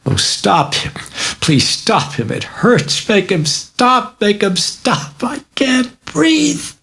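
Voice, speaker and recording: A man voicing a terrified possessed young girl, crying out high and shrill in an audiobook. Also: very animated, slow pace, creaky, bright, forceful tone, full character voice. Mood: pleading. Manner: shrill pleading cries.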